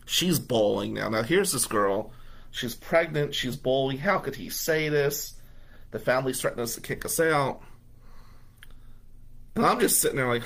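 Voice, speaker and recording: Animated man telling a personal story. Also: medium pitch, normal speed, creaky, pauses often, breathy edge. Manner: animated, conversational, acts out dialogue. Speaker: radio host.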